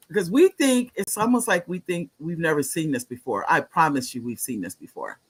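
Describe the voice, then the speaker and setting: An older man in his late sixties talks earnestly on his live-streamed talk show. He repeats his points for emphasis and reads viewer comments aloud. His voice sits slightly high for a man. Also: very animated, brisk, few pauses, fairly bright tone, breathy edge. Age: 60s.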